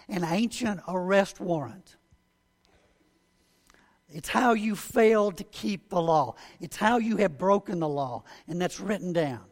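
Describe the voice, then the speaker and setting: A man preaching a sermon as a pastor, earnest and building to emphatic points. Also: sits high. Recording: long hall reverb.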